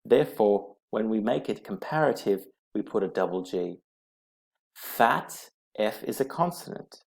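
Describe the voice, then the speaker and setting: A male English teacher works through grammar slides at an unhurried pace. His voice has a gravelly, fry-edged texture, and he spells out each rule letter by letter with patient repetition. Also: lowish voice, expressive. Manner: slow, patient, repeats rules letter by letter. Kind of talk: slide-based grammar lesson.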